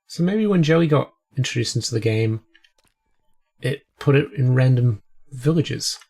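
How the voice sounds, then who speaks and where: Man, cold, raspy voice, middling pitch, casual rambling game commentary. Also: expressive, normal speed, darkish tone, faint music behind. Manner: rambling, chatty, self-deprecating. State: sick with a cold. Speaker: let's play host.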